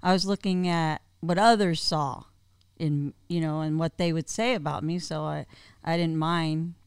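A guest with a clear, smooth mid-range voice speaks hesitantly about their own feelings. Pauses and fillers break up the speech, and the sound is dry and close. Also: medium pitch, steady tone, no room sound. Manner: hesitant, open, reflective. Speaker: guest in conversation. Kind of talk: personal heartfelt conversation.

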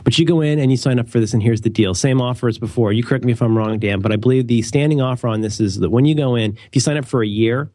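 A middle-aged man co-hosting a podcast and reading an ad in a jokey, rambling, animated way. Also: fast talker, few pauses, dry recording, clean studio sound. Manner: animated, rambling, jokey, with sudden high leaps. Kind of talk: casual podcast chat.

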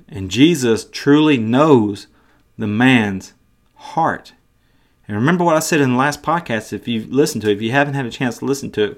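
Earnest man teaching Bible study. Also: mid-range voice. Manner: earnest, frequent word restarts.

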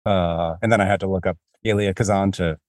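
Low dry-sounding guy hosting a book podcast, rambly, jokes at his own expense. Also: steady tone, fairly quick, a little mellow, no echo. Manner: rambling, self-deprecating, many restarts. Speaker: podcast host. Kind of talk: casual book discussion.

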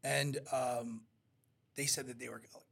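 A man chatting as an interview guest, animated and acting out quotes as he tells stories. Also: mid-range voice, unhurried, gravelly, breathy edge. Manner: animated storyteller, acts out quotes. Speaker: wrestling promoter guest. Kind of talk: casual interview chat.

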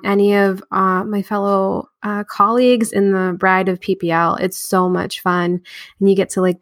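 A woman talking as a guest on a casual podcast, friendly and hesitant, with many pauses and fillers. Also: medium pitch, dry recording, clean studio sound. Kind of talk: casual interview chat.

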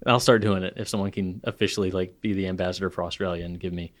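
A man's voice: low voice, fairly even intonation, quick pace. A man co-hosting a podcast, telling playful stories in casual chat with lots of "like" fillers. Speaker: podcast co-host.

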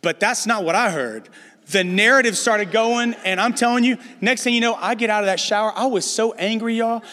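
Middle-aged pastor guy preaching, kinda high voice, funny storyteller, big echoey church hall. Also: a little fast. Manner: animated storytelling, addresses the congregation with humor. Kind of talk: sermon. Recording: long hall reverb.

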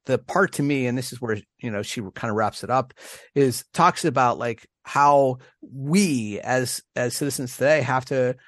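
American man, casual podcast co-host, rambling, mid-pitched voice, dry close sound. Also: normal speed, a bit bright, dry recording. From United States. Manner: rambling, many restarts and laughs. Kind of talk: casual chat.

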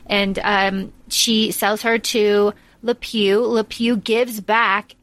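A woman's voice: mid-range voice, flat delivery, slow pace, a bit bright, no echo. A young adult woman co-hosting a podcast in casual chat, blunt and emphatic, swearing freely. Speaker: podcast co-host.

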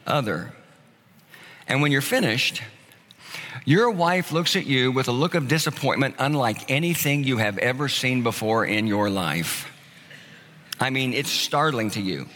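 A man's voice: mid-range voice, lively intonation, normal speed, bright, forceful tone. A man preaching a sermon in a church, telling stories in a conversational way and acting out the lines of people in them. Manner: conversational storytelling, acting out dialogue. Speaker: pastor. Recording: long hall reverb.

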